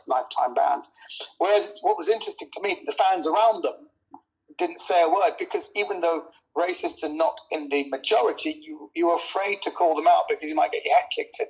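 A man talks in a casual interview chat as a comedian guest, his voice sitting a little high. He tells stories with animation, laughs often and stumbles over repeated words as he starts sentences. The sound is dull and lo-fi. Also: gravelly.

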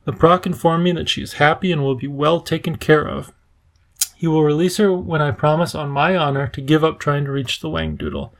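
Man reading a worried storybook professor; measured, gravelly, slightly high. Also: animated. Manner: measured, grave, sometimes bitter. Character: worried, earnest older male professor.

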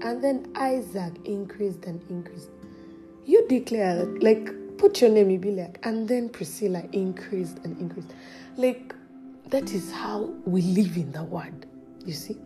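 A woman giving casual, earnest spiritual encouragement as a podcast host. She often laughs lightly and at times drops to a near-whisper. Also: mid-range voice. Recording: music playing behind.

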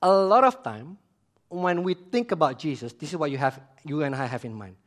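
A man preaching a sermon, emphatic, repeating phrases and putting questions to his listeners, swinging between loud emphasis and quiet asides. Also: fairly high pitch, expressive, normal speed.

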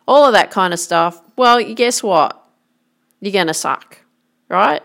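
Gravelly woman golf coach. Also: medium pitch, expressive, a little slow, pauses often, fairly bright tone. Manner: earnest, repetitive, emphatic. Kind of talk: motivational talk with anecdotes.

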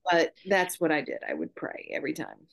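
Middle-aged female guest, earnest and heartfelt, lower register. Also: wildly swooping pitch, fairly quick, gravelly. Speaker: guest, mother. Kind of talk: casual conversation.

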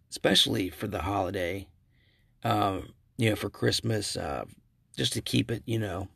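Male podcast host, low gravelly husky voice, rambling casual delivery, dry close mic. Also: no room sound. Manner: rambling, self-correcting storyteller with chuckles. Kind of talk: casual solo podcast commentary.

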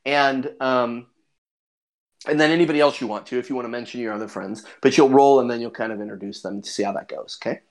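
A game master narrating a tabletop role-playing game in an animated, chatty way. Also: medium pitch, fast. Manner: animated, chatty, laughs often.

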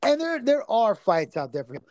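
A man's voice: extremely high pitch, big pitch swings, moderate pace, darkish tone, dry recording. A man co-hosting a casual sports betting podcast, talking loosely, swearing freely and stumbling over fighters' names. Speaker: podcast co-host.

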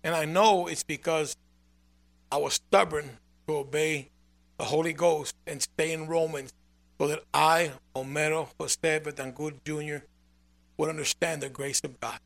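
A man preaching a sermon as pastor, emphatic and repetitive, with sudden loud swells. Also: on the high side, fairly even intonation, unhurried, gravelly.

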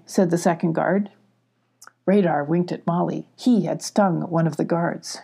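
A woman narrates a children's storybook at an unhurried, steady pace. Her voice is mellow and soft, and her delivery stays calm and even. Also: fairly low pitch, gravelly, slightly rough. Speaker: audiobook reader.

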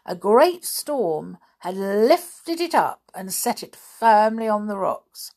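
A woman reading a children's storybook aloud, steady and measured. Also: mid-range voice. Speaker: audiobook reader. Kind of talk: storybook narration.

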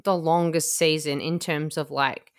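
A woman's voice: deep voice, steady tone, unhurried, clear, resonant tone. A woman hosting a casual chat podcast, sarcastic and swearing freely, mocking people in silly quoted voices. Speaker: podcast host.

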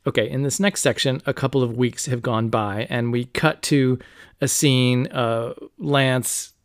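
A man hosting a podcast, casually retelling a novel and reading quotes aloud with lively asides. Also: medium pitch, a little slow, dry recording, clean studio sound. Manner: animated, reads quotes aloud, casual fillers. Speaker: podcast host. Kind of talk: casual book discussion.

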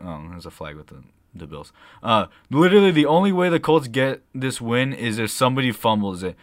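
A young man co-hosting a casual podcast, telling a rambling story with lots of swearing and excitable bursts. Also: mid-range voice, fairly quick, no room sound, clean studio sound. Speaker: podcast co-host. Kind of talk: casual chat.

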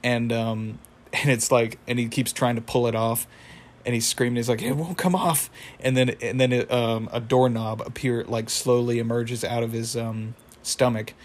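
Here the same kind of recapper, a young man, goes over a cartoon episode in a monotone, medium-pitched voice at a moderate pace. He chuckles at the story and rambles with plenty of fillers.

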